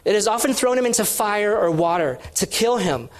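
A woman's voice: mid-range voice, animated, moderate pace, lightly acted. A woman reading the lines of a desperate father pleading for help for his son.

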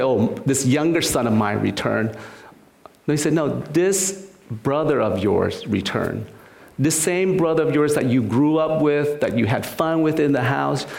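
A man's voice: mid-range voice, creaky, a little mellow, reverberant. A man giving a sermon in an earnest way, often repeating words and acting out what people in the story say. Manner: earnest, repeats words, acts out quoted voices. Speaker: preacher.

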